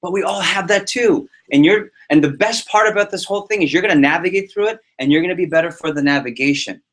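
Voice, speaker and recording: Energetic man giving a motivational talk. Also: high voice, quick pace. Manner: energetic, repeats himself, tells anecdotes. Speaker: team leader running a sales prep meeting.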